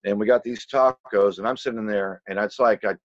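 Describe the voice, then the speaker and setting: A man's voice: fairly low pitch, fairly even intonation, brisk, no room sound, lo-fi sound. A man casually telling a personal story, rambling and loose, swearing freely and saying "you know" constantly.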